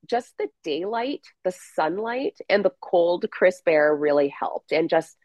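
A woman guest on a podcast, telling a painful personal story in a halting way with many restarts. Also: fairly low pitch, lively intonation, dry recording, muffled recording. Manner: halting, with restarts and trailing pauses.

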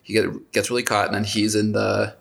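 Male co-host, low gravelly voice, loose self-correcting banter. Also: flat delivery, a little fast, a bit bright. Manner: rambling, self-correcting, wry. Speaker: podcast co-host. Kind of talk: casual recap chat.

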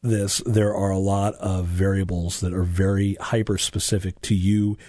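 A man's voice: sits low, level tone, moderate pace, mellow, no room sound. A man hosting a faith-based radio talk show from a studio, talking in an earnest, encouraging way.

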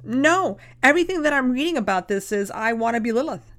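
A woman's voice: fairly high pitch, expressive, brisk, a bit bright. Emphatic woman podcast host. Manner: emphatic and persuasive, acting out quoted voices. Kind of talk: casual chat.

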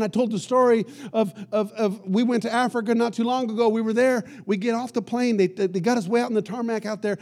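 A male pastor preaching a sermon, telling lively stories and breaking in with shouts of praise. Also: high-pitched. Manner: energetic storytelling preacher with shouted praise interjections.

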